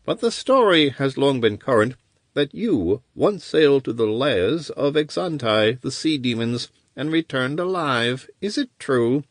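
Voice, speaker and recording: A man's voice: mid-range voice, animated, measured pace, no room sound, voice pushed up. A man reading an audiobook, voicing a cold, scheming male wizard who speaks dryly and bleakly in a raised voice. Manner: dry and clipped.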